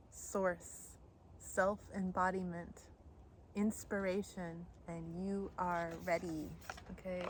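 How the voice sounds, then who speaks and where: A woman's voice: on the low side, slight background noise. A woman from Idaho giving a casual tarot reading and telling a childhood story, laughing often. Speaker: tarot reader. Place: outdoors in the woods. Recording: faint outdoor ambience.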